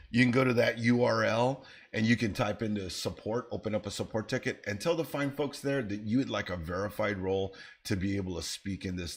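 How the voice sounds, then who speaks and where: A man's voice: fairly low pitch, a little hiss or hum. A man hosting a live trading stream. He talks casually, thinking aloud about his trades while answering viewers in chat. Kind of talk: live-stream market commentary.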